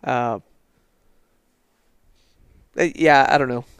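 A man's voice: medium pitch, extremely slow, clean tone, dry recording, studio quality. A man co-hosting a podcast in loose, casual chat, swearing freely and laughing often. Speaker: podcast co-host.

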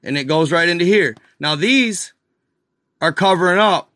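A man casually talking viewers through old images in a video, excited and incredulous, calling them y'all. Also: high-pitched, moderate pace, no room sound, studio quality. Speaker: video host. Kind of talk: casual screen-share commentary.

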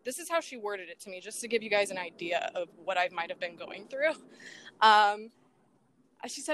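A woman telling an interviewer about her missing mother, animated and emotional, acting out the voices from phone calls and laughing nervously at times. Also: medium pitch, moderate pace, a little hiss or hum. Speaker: guest, daughter of a missing woman. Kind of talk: emotional personal account in an interview.

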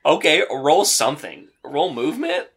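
Joking, chatty game master. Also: male voice, on the high side, big pitch swings, normal speed, vocal fry, fairly bright tone, breathy edge. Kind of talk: running a tabletop horror game.

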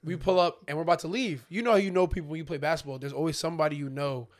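A man's voice: a little high, rapid-fire. A young man and podcast co-host telling a story in casual slangy chat, acting out his friends' lines. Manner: animated, acts out friends' voices, slangy.

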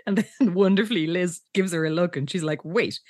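A woman's voice: lowish voice, a little mellow, no room sound, clean studio sound. A woman co-hosting a casual podcast, recapping a TV episode and acting out the characters' lines with frequent giggles. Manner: giggly, acts out characters' lines in quick voices. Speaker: podcast co-host.

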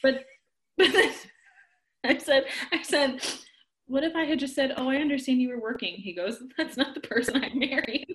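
A woman with a slightly high voice chatting casually. She tells her story in an animated way, acting out each quote and laughing often. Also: moderate pace. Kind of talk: casual chat.

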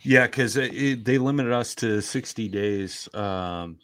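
A man's voice: mid-range voice, slow, fairly bright tone, dry recording, studio quality. An American man talking in a laid-back, slangy casual chat. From United States.

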